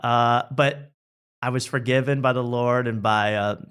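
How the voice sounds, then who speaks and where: A young man hosting a casual talk show spins a self-deprecating anecdote, his voice jumping around as he acts out the people in the story. His pitch sits in the middle range, and his delivery is loose and comic. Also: unhurried, smooth. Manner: animated, self-mocking, acts out quotes. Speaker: host.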